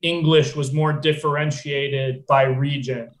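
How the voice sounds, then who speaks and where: A man's voice: mid-range voice, level tone, measured pace, roomy sound. An American man chatting casually about a film, loose and full of fillers and asides. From United States.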